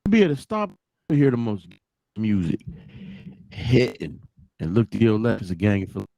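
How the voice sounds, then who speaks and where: A man's voice: fairly low pitch, big pitch swings, fairly quick, vocal fry, dark tone, no echo. A man co-hosting a podcast, giving blunt, emphatic opinions in slangy casual chat.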